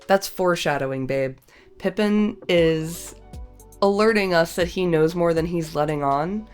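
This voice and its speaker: A woman's voice: lowish voice, normal speed, a little mellow, faint music behind. A young woman with a cold reading a novel aloud and breaking off into playful, slangy, laughing commentary. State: has a cold. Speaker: video essay host.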